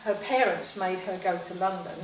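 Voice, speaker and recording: A woman's voice: fairly low pitch, normal speed. A middle-aged woman hosting a home cooking show, chatting and telling a rambling story with lots of fillers while she cooks. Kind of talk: live cooking chat with storytelling. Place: home kitchen. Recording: very echoey kitchen, mic far off, cooking noise. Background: frying and sizzling, stirring.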